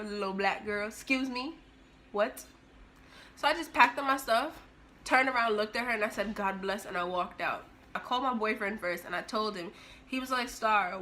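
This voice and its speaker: A young woman telling a personal story in a casual, animated way, with sudden bursts of loudness. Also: medium pitch, a little hiss or hum. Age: young adult. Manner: animated, expressive, with big jumps in loudness.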